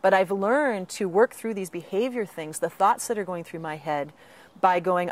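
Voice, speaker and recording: A woman speaks in an interview, laying out her advice in a steady, earnest way. She breaks now and then into animated quoted voices of other people. Her breathing sounds a little strained. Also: on the low side, moderate pace. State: slight breathing trouble. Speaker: author and patient advocate. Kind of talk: interview answer.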